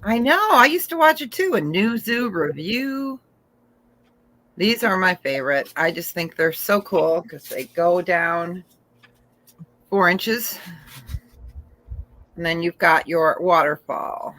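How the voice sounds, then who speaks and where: A middle-aged woman hosts a live-stream jewelry auction. She talks in a chatty, bright way and describes each piece in loose detail. Her voice sits a bit low, and she laughs easily between items. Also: animated, a little slow, pauses often, low-quality recording.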